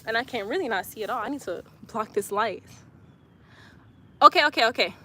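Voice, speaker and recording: High, bright-voiced chatty young woman. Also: animated, fairly quick, slight background noise. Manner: chatty and giggly, repeats herself, talks straight to viewers. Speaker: livestreamer reading chat comments. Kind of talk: casual live-stream chat while exercising.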